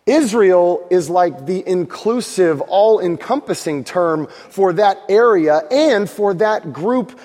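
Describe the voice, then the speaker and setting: A man with a slightly high voice preaches a sermon in a relaxed, conversational way, tossing in asides and jokes for the congregation. His voice carries a long reverb from a church hall. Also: slow, few pauses. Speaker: pastor.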